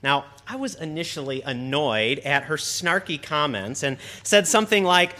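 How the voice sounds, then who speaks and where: A man's voice: fairly high pitch, expressive, normal speed, sharp tone. A young man preaching a sermon, conversational and joking with the congregation. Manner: conversational, humorous asides to the congregation.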